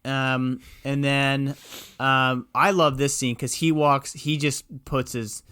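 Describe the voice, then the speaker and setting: A man's voice: medium pitch, level tone, slow pace, pushed and bright, clean tone, no echo, studio quality. A young man co-hosting a podcast, rambling through a movie recap with filler words. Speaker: podcast co-host. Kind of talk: casual chat.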